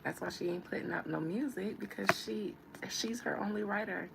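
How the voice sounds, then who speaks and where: A woman's voice: mid-range voice, moderate pace, creaky, heavy background noise. A woman giving a casual live-stream reading, chatting and teasing as she answers viewer comments. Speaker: tarot reader on a live stream.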